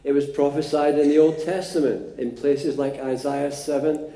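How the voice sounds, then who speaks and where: A man preaching a sermon in a relaxed, conversational way, pausing often with fillers. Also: fairly high pitch, reverberant. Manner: unhurried, conversational with frequent fillers.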